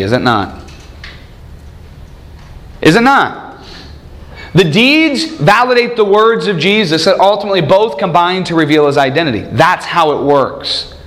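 A man preaching a sermon, acting out quoted voices and asking the listeners questions. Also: high voice. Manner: animated, acts out quoted voices, asks the congregation questions. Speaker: pastor.

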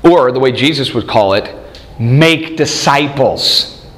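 A man's voice: mid-range voice, animated, slow, a bit bright. A man in his thirties leading a church study group, teaching with many rhetorical questions and frequent chuckles. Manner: chuckles often while telling stories.

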